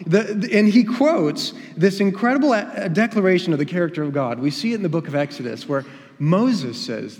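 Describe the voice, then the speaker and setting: Male pastor, emphatic sermon delivery, slightly high voice, long hall reverb. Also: lively intonation, a little fast, darkish tone. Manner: emphatic, with rising and falling emphasis. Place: church sanctuary.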